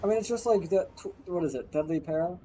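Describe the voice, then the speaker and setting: A man's voice: high voice, quick pace, warm tone, a little hiss or hum, rough recording. A young man streaming a game live, ranting and swearing constantly at what happens on screen. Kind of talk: live gaming commentary.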